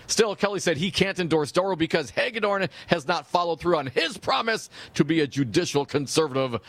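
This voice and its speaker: A man's voice: on the high side, expressive, fairly quick, a bit bright. A man from co-hosting political talk radio, wry and joking as he reads news. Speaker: radio talk show co-host.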